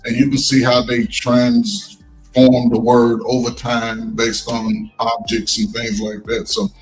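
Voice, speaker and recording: A man's voice: mid-range voice, little pitch movement, takes it slowly, soft background music. Emphatic man explaining from a distance. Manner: explanatory, advice-giving, emphatic. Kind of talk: casual conversation.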